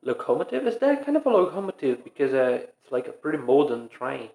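A man's voice: mid-range voice, very animated, brisk, vocal fry, mellow, roomy sound, poor audio. A man co-hosting a podcast in casual chat, joking and teasing. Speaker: podcast co-host.

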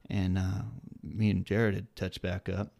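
A man's voice: low voice, level tone, measured pace, creaky, a little mellow, no room sound. A man co-hosting a podcast in casual chat, with a slight Southern American accent, talking in a rambling way full of fillers. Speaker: podcast co-host.

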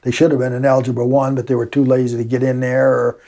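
A man's voice: mid-range voice, completely flat delivery, fast talker, mellow. Older guy, retired teacher, folksy storytelling, keeps laughing. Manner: folksy, laughing as he tells old stories. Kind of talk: storytelling in a casual interview.

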